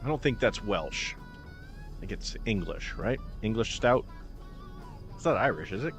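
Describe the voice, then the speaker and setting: A man's voice: on the low side, lively intonation, unhurried, long pauses, soft background music. Rambling, joking male livestream host. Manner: rambling, joking and self-deprecating, with casual swearing. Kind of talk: casual cooking-show chat.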